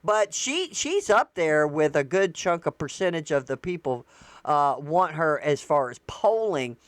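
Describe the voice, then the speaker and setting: A woman's voice: sits low, sing-song, a little slow, no echo. A woman hosting a show, talking through her thoughts in a casual, rambling way, often restarting and correcting herself. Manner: rambling and conversational, with frequent restarts and self-corrections. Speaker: show host. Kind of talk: casual solo commentary.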